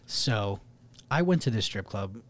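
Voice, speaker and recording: A young man, co-hosting a podcast and telling dating stories in a casual, profane, animated way. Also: on the low side, measured pace, slight background noise. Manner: profane, animated, laughing storyteller. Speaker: podcast co-host. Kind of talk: casual storytelling.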